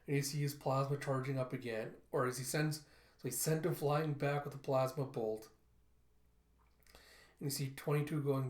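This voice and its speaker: A man's voice: mid-range voice, fairly even intonation, normal speed, pauses often, echoey room. A man casually narrating a comic book read-through, loose and hesitant with fillers. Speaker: comic reviewer.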